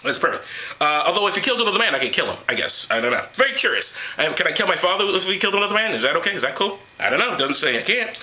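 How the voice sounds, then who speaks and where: Man, sarcastic, profane, very animated pitch, bright tone. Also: rapid-fire. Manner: mocking, ranting, profane. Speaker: vlogger reading the Bible. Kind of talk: sarcastic comedic Bible commentary.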